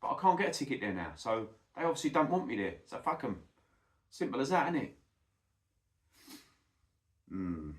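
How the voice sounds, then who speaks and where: A man's voice: mid-range voice, sing-song, moderate pace, long pauses. A middle-aged man, ranting bluntly and swearing a lot in a casual monologue, calling the listener "mate". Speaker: football vlogger. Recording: echoey room.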